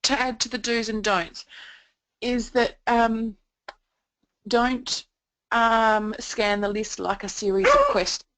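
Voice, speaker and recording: A woman's voice: a little high, fairly even intonation, takes it slowly, pauses often, background noise. A woman giving a training presentation on communication support, explaining her points at length with frequent "um" fillers.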